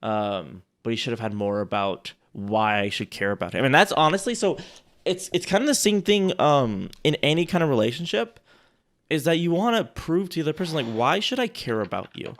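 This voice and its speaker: A man co-hosting a casual chat, rambling and restarting his sentences, quick to laugh. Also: medium pitch, lively intonation, a bit bright. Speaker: co-host reviewing sales outreach.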